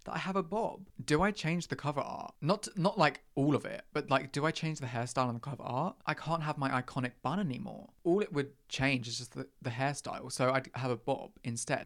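A young man, hosting a podcast in a chatty, self-mocking way, often jumping up high in pitch. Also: fairly quick, few pauses, a bit bright. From England. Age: young adult. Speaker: podcast host. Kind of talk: casual chat.

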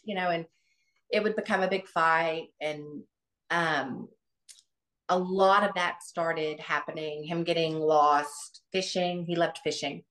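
A woman's voice: fairly low pitch, fairly even intonation, unhurried, fairly bright tone. A middle-aged woman, a guest on an interview, recalling family memories in an earnest, reflective way with many restarts. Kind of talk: interview, personal recollection.

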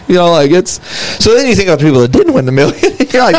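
Male podcast co-host, lively swooping voice, crude and rambling, laughs often. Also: high voice, quick pace. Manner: rambling, crude, laughs a lot, acts out quotes. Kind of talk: casual chat.

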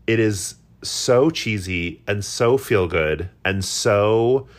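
A man's voice: on the low side, slow pace. A man co-hosting a podcast, chatty and self-deprecating in casual conversation. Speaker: podcast co-host. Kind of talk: casual chat.

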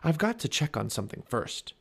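A man voicing a nervous bookish boy, hushed, careful, slightly raised pitch, storybook. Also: sing-song, a little fast, creaky, husky, exaggerated voice.

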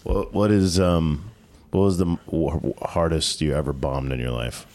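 A man's voice: very deep voice, fairly even intonation, normal speed, darkish tone. A man chatting casually as a podcast guest, jet-lagged and fighting a cold, teasing and laughing often. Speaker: guest comedian. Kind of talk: casual chat.

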